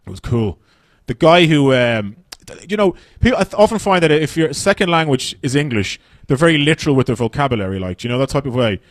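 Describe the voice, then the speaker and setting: A man's voice: mid-range voice, very animated, fast, few pauses, dry recording, clean studio sound. An Irish man doing stand-up comedy on a festival stage, brash and profane, rambling through his stories.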